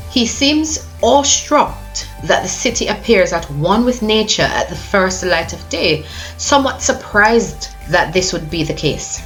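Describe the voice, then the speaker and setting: A woman giving a poetry analysis lesson, explaining in a measured way with occasional hesitations. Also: on the low side. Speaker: teacher.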